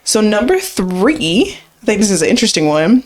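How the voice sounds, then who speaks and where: A woman's voice: mid-range voice, very animated, normal speed, a little mellow. A woman co-hosting a podcast, talking through points in a casual, explaining way with frequent fillers. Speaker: podcast co-host. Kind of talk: casual conversational podcast chat.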